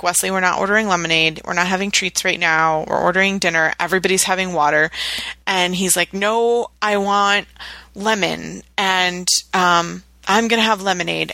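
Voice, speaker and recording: A woman's voice: medium pitch, dry recording. A woman in her thirties co-hosting a podcast, sharing parenting advice in a chatty storytelling way. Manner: chatty, animated storytelling with acted quotes. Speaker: podcast co-host. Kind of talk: casual parenting advice chat.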